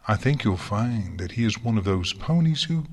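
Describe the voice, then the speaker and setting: A man voicing a gracious, fond royal princess with a gently teasing manner in a storybook reading. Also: on the low side, lively intonation, moderate pace, slightly rough.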